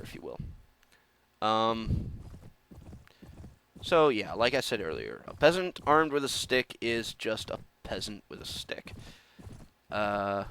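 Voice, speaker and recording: A man's voice: lowish voice, fairly bright tone, a little hiss or hum. A man hosting a let's play, commenting on his game in a casual, wry way with sighs. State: coughing. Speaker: gaming video host. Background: game music.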